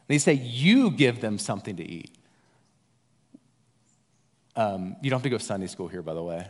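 A man's voice: lowish voice, long reverb tail. A man preaching as a guest, in a conversational and jokey way, acting out the disciples' lines. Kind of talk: sermon.

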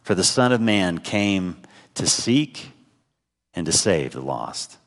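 Slow and sing-song, this pastor's low, slightly bright voice trails off in a long reverb through the church sanctuary. He has a head cold and preaches conversationally, asking the congregation rhetorical questions.

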